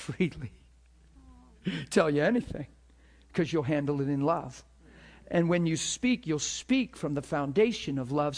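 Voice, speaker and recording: Male preacher, high voice, animated sermon storytelling, emphatic, acts out dialogue. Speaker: preacher teaching a ministry school.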